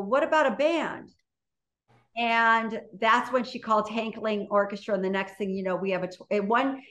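A woman's voice: medium pitch, fairly bright tone. This is a woman guest on an interview show, telling a story in a casual, chatty way. Her talk is full of fillers like "you know" and "like", and it rises and falls as she goes.

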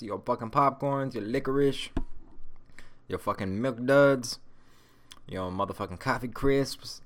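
A man hosts his podcast alone in a loose, rambling rant, stoned and swearing constantly. His voice sits fairly low. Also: a bit bright. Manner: rambling, heavily profane, stoned. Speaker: podcast host. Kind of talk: casual solo podcast rant.

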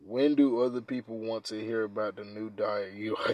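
A man hosting a casual podcast, reading quiz questions aloud and reacting in profane slang, dropping to mumbles and then bursting out loud. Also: fairly low pitch, steady tone, moderate pace, dry recording. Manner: laid-back, profane slang, swings from mumbling to loud outbursts. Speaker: podcast host.

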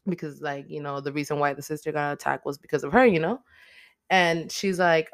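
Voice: mid-range voice, normal speed, a bit bright, no echo, studio quality. A podcast host giving a casual, chatty movie recap, swearing a lot and using many filler words.

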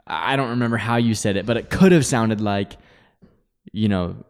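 Low-voiced teasing co-host man. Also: normal speed, clean tone. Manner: teasing, thinks aloud with many restarts. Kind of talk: casual church podcast chat.

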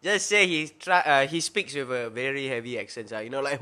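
A man's voice: medium pitch, big pitch swings, moderate pace, bright, forceful tone. A young man with a Singaporean English accent, chatting casually and rambling with lots of fillers and slang. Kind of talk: casual chat.

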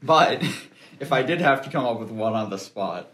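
A man's voice: mid-range voice, animated, moderate pace, fairly bright tone. A young man as a podcast guest, talking in a thoughtful, hedging way with jokey asides. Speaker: interview guest. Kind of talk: casual podcast interview. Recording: echoey room.

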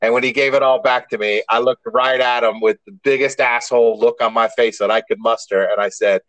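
A man's voice: medium pitch, fairly even intonation, a little fast, fairly bright tone, dry recording, low-quality recording. A man co-hosting a podcast in casual chat, a rambling storyteller who restarts often and swears mildly. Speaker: podcast co-host.

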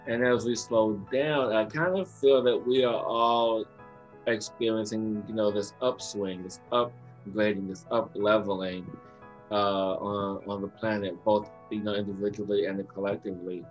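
Male radio co-host, lower voice, gentle and meandering, faint music behind. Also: fairly even intonation, unhurried, muffled recording. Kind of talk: casual radio talk.

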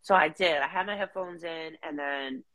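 A middle-aged woman, telling a story in casual chat, slangy and animated, slipping into quoted voices. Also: low-pitched, moderate pace. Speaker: guest.

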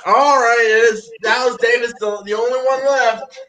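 A man on a casual podcast who talks excitably and laughs often. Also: very high voice, normal speed, a little hiss or hum, rough recording. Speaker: podcast co-host. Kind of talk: casual chat.

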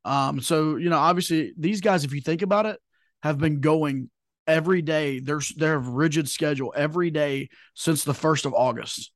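A man's voice: on the high side, normal speed, no room sound, studio quality. A young man co-hosting a sports podcast, chatting casually with plenty of fillers and rambling asides. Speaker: podcast co-host. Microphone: podcast mic.

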